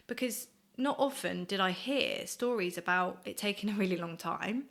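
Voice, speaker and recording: A woman, sharing a personal faith testimony in an earnest, reflective, halting way. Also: mid-range voice, gravelly, a bit bright. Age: 20s. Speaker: guest sharing her faith story.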